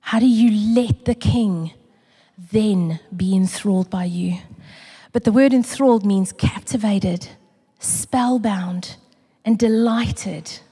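A woman's voice: fairly high pitch, slightly rough. Earnest woman preaching in a reverberant hall. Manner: earnest, emotional, builds through repetition, drops to a hush. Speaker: church community speaker. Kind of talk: personal testimony sermon. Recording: long reverb of a large hall.

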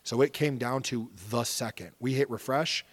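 A man in his thirties, a guest on a podcast, telling his stories in a relaxed, conversational way. He speaks earnestly and lets his emotions show. Casual swearing slips into his talk. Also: mid-range voice, normal speed. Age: 30s. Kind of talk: casual storytelling interview.

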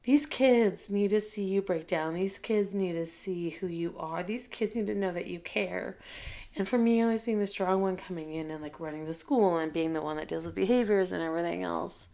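A woman with a lowish, gravelly voice speaks candidly about her work at a school. She talks in a heartfelt, unpolished way, full of fillers and restarts, and sounds close to tears at times. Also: normal speed, warm tone. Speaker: school teacher and administrator. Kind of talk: emotional personal storytelling.

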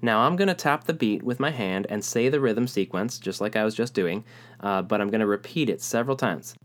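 A young man teaching a rhythm lesson, explaining calmly and speaking rhythm syllables aloud. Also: on the low side, fairly quick. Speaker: music teacher.

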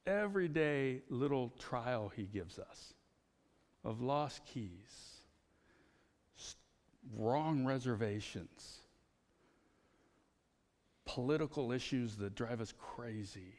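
A man preaching a conversational sermon as pastor, telling personal stories in an animated way. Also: mid-range voice, takes it slowly, pauses often, long reverb tail.

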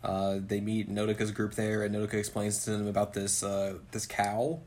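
A woman with an unusually deep, low-pitched voice co-hosts a casual podcast. She recaps an anime episode in a relaxed, chatty way and playfully acts out the characters' lines. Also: moderate pace. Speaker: podcast co-host.

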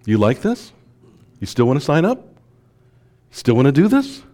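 A male pastor preaching a sermon, asking the congregation rhetorical questions and swinging between hushed asides and emphatic lines. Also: mid-range voice, huge pitch swings, normal speed.

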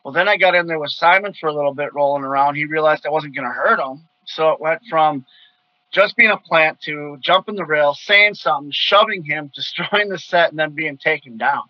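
A man from Wisconsin tells stories in a casual, animated way, bursting into loud quoted voices. His voice sits a little high for a man. The sound is dry and slightly muffled. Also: fairly quick, no room sound. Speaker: guest wrestler telling stories. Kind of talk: casual storytelling.

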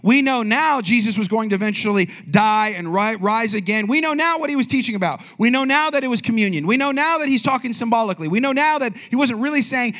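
A man with a notably high voice preaches in a loose, talky way, firing questions at the congregation and bouncing between jokes and scripture. He sounds like a young adult pastor speaking from the pulpit. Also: expressive, fast talker, few pauses, a bit bright. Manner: conversational, asks the congregation questions. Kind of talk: sermon.

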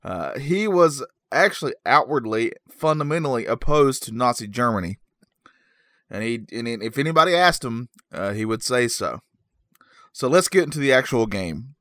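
A man's voice: mid-range voice, lively intonation, moderate pace, a bit bright, no echo, studio quality. Easygoing man telling a story on a podcast. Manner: easygoing, self-deprecating with frequent fillers. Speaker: podcast co-host. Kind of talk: casual chat, storytelling.

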